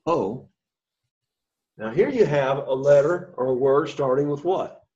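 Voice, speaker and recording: A man's voice: mid-range voice, measured pace, darkish tone. A man teaching a classroom lesson, explaining step by step, quizzing the class and encouraging them. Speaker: Greek teacher. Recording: dull lo-fi sound.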